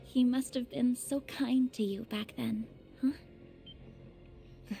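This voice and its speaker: A gentle, dark-toned student girl. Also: on the high side, fairly even intonation, drawn-out words, gravelly, exaggerated voice. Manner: gentle, flustered when teased. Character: earnest shy young woman student. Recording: game audio with faint music.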